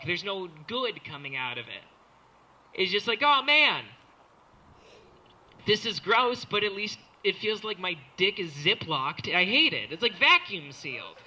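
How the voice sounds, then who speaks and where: A man's voice: a little high, bright, forceful tone, slight background noise. A young man doing a rambling, self-mocking stand-up comedy set before a live crowd. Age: young adult. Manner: rambling, self-mocking, jumps into silly character voices.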